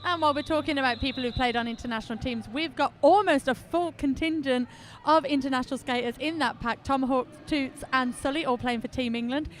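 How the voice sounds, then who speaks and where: A high, bright-toned woman commentates a live roller derby bout, chatty and playful, bantering with her partner between calls. She is from New Zealand. A faint hum of the venue sits behind her voice. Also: a little fast.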